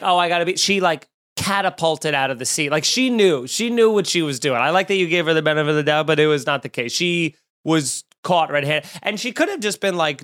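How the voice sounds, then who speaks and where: A man hosting a casual podcast, telling a lively, profane, joking travel story. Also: fairly high pitch.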